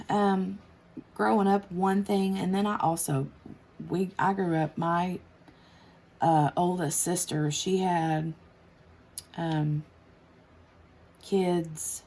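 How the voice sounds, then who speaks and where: Low-pitched woman in her thirties, casual craft vlog host, meandering delivery. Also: a little mellow. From United States. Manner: rambling, many fillers and restarts. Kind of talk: casual chat while crafting.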